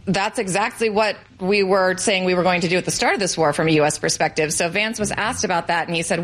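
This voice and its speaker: Low-voiced woman news analyst. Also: quick pace, few pauses. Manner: fluent, detailed, wry. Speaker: news correspondent and co-host.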